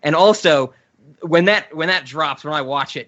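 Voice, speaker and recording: A man's voice: a little high, moderate pace, fairly bright tone. A man hosting a casual podcast, enthusiastically retelling a cartoon scene in a rambling way. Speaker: podcast host. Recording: dull lo-fi sound.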